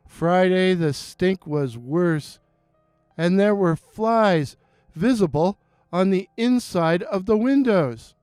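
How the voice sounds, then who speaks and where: A man narrating a scripted horror story in a measured, suspenseful way. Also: sits high, darkish tone, no room sound, clean studio sound.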